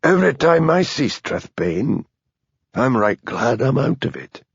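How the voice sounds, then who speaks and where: A man reading aloud, voicing a sleepy, wary plump older man who talks slowly and grumbles. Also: mid-range voice, big pitch swings, creaky, husky, no echo, lo-fi sound, pitched above the performer's own voice, exaggerated voice. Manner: slow, grumbling.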